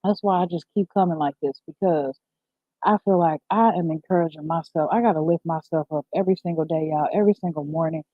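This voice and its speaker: A woman's voice: deep voice, fast talker, dry recording. A woman in her thirties hosting a casual morning livestream, upbeat and chatty, reading viewer comments aloud and talking straight to them. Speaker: livestream host. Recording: tinny phone-like sound.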